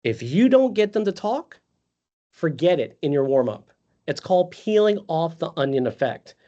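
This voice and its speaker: A man's voice: a little high, sing-song, moderate pace, mellow. A man leading a live virtual sales training, talking conversationally and calling on trainees by name. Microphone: video call. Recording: lo-fi video call audio.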